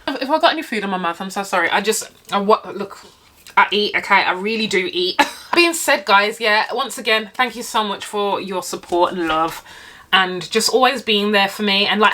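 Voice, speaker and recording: A young woman from Britain chats to her vlog audience from a table, eating as she talks. Her voice sits fairly high and rings bright and forward. She talks emphatically, laughs often and swears freely. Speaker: YouTuber living in Japan. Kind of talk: casual sit-down chat to camera while eating.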